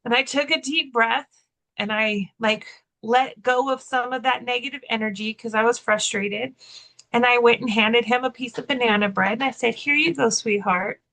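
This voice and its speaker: A woman's voice: fairly high pitch, steady tone, moderate pace, fairly bright tone, rough recording. A woman co-hosting a podcast, telling a story in casual chat, full of fillers and restarts. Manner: chatty, many "like" fillers and restarts. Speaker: podcast co-host and keynote speaker.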